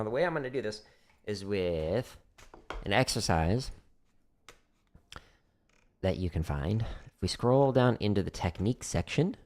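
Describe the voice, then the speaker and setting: A man giving a casual, instructional drum lesson on a livestream from his practice room, talking through technique with fillers. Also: fairly low pitch. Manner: relaxed instructional talk with fillers. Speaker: drum teacher. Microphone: studio microphone near drum setup.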